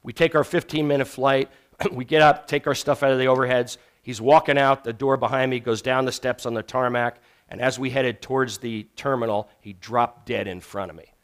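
A man's voice: medium pitch, fairly even intonation, normal speed. Earnest man preaching on evangelism. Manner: earnest, storytelling preacher who drops to a hush for emphasis. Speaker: evangelism teacher. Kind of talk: sermon on sharing faith.

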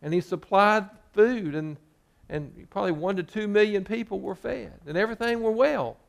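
Male pastor, slightly high voice, sermon delivery, acts out quoted lines. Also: normal speed, gravelly. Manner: preaching, acting out quoted complaints.

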